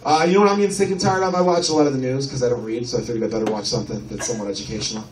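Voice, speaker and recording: A man from Chicago doing a brash, profane stand-up comedy set on a comedy club stage, with lively storytelling. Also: medium pitch, racing, recorded from a distance. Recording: echoey club recorded from afar. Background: audience laughter.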